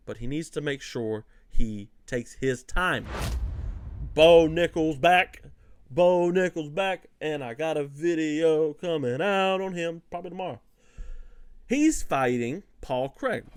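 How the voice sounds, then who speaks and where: Lively, animated man breaking down fights. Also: mid-range voice, no echo. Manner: loose and conversational, with many fillers and repeats. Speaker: host. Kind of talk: casual fight analysis.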